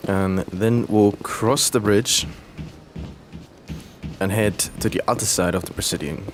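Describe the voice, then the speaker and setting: A young man hosting a let's play, commenting on gameplay in a relaxed, rambling way with hesitant fillers, over game audio. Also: lowish voice, unhurried.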